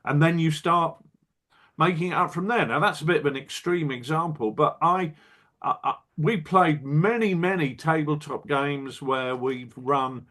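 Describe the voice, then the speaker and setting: A man's voice: on the high side, measured pace, a bit bright. An older man who designs wargame rules, chatting on a podcast in a blunt, wry way, often restarting his sentences. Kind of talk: casual podcast chat.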